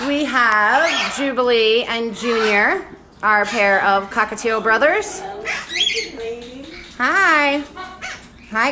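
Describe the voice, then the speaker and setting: Lady at a parrot rescue doing baby talk to the birds on a phone stream, kinda high voice, squawky birds all around. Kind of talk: live-streamed feed from a bird rescue. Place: indoor bird rescue room. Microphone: phone held in hand. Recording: loud bird noise behind. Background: loud parrot squawks and chatter.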